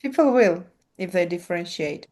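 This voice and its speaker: A woman's voice: lowish voice, expressive, moderate pace, dark tone. Blunt, laughing Armenian-accented woman. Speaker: podcast co-host, English teacher. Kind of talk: casual chat.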